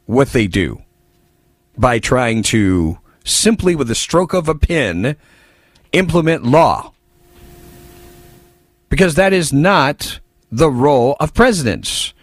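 A man's voice: medium pitch, no echo. A man hosting a political talk radio show, reading listener messages with wry asides.

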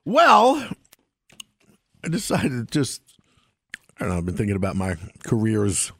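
Lively-voiced man telling rambling stories. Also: lowish voice, a little slow, breathy edge, no echo, studio quality. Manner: rambling, self-mocking, breaks into laughter. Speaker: former police officer, show regular. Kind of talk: casual storytelling on a sports talk show.

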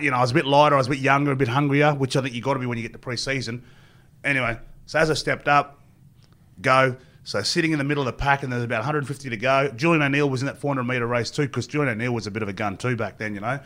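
A middle-aged Australian man speaks as an interview guest, telling long stories at a quick clip. His voice sits in an ordinary middle range. He rambles from one anecdote to the next and acts out what other people said. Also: medium pitch, pushed and bright. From Queensland, Australia. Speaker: guest, former rugby player. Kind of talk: storytelling interview.

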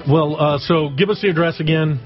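A man's voice: fairly high pitch, steady tone, muffled recording, music in the background. A man co-hosting a radio talk show, asking questions and cracking jokes. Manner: quick, wisecracking, interviewing. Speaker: radio co-host. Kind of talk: casual radio banter.

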